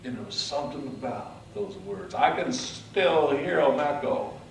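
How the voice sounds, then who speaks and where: A man's voice: a little high, unhurried, gravelly, distant mic, slight background noise. Dramatic male motivational speaker in echoey hall. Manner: dramatic storytelling, swings from hushed to loud. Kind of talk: motivational speech. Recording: echoey hall, mic from afar.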